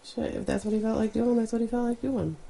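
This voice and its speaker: A woman co-hosting a podcast, relaying news stories in a relaxed way, with fillers and asides. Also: a little high, quick pace, gravelly. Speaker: podcast co-host. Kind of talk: casual chat, reading news items.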